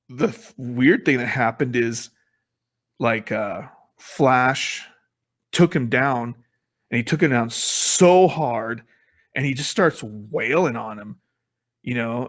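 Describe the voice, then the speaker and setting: A man's voice: medium pitch, fairly bright tone. A man co-hosting a casual talk show, rambling through his thoughts with lots of fillers and restarts. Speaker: podcast co-host. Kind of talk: casual comic review chat.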